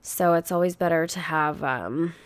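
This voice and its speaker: A woman's voice: sits low, moderate pace, smooth, no echo. A young woman hosting a casual podcast, reading news headlines aloud and riffing on them with blunt, profane commentary. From Canada. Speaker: podcast host.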